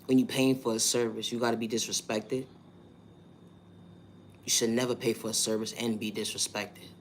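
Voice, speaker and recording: Here the New York man's voice sits on the low side, level and at a moderate pace, with slight hiss or hum on the track. He hammers his points home in a repetitive monologue vlog, asking questions he doesn't expect answered.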